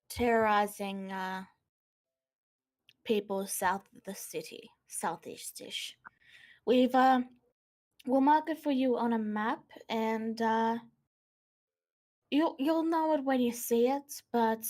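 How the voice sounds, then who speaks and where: A woman voicing a halting elf quest clerk. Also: a little high, a little mellow. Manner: hesitant, halting delivery with fillers. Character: pink-haired female elf quest clerk, businesslike.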